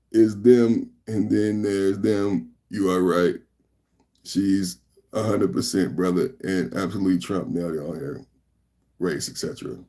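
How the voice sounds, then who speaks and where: A deep, warm-toned man in his fifties hosts a live podcast. He talks to his chat in a relaxed but emphatic way, repeatedly calling them brother and bro.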